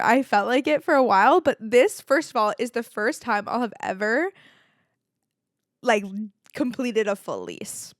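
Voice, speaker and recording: A woman's voice: a little high, expressive, moderate pace, no room sound, studio quality. A young woman, hosting a solo podcast in a candid, casual, chatty way, with filler likes and the odd swear word. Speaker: podcast host.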